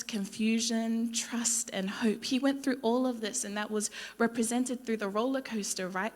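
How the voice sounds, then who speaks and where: Young woman, slightly high voice, casual church Bible talk, filler-heavy, acts out quotes. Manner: chatty, lots of ums and likes, acts out quotes. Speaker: youth speaker at church. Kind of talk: informal Bible study talk with slides.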